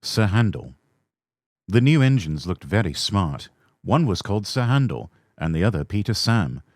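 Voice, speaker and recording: An English man reads a children's railway story aloud in a calm ASMR style. His voice is low but moves lively in pitch, and the recording is close and dry with no room sound. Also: moderate pace, no room sound. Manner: calm, soothing. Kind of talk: soft-spoken ASMR storybook reading.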